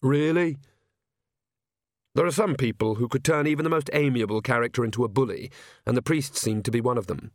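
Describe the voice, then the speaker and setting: A man reading a story aloud in even, wry narration. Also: medium pitch, fast talker, dry recording, clean studio sound. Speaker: audiobook narrator. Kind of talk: scripted narration.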